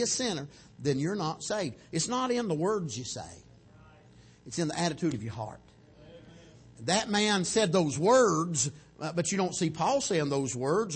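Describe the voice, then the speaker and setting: A preacher delivers a sermon with a husky, slightly breathy voice. His pitch sits a little high and swings widely as he acts out the prayers of the people in his story. The delivery is animated and full of feeling.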